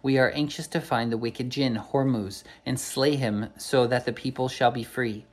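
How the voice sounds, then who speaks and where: A man's voice: medium pitch, fairly even intonation, normal speed, lightly acted. A man reading the part of a bold male hero on a quest in a storybook, formal and earnest.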